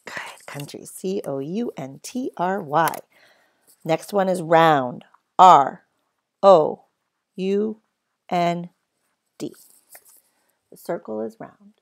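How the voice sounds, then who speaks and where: A woman's voice: fairly low pitch, animated, slow, gravelly, long pauses. A woman teaching a phonics lesson to young children, spelling words out letter by letter in an encouraging way.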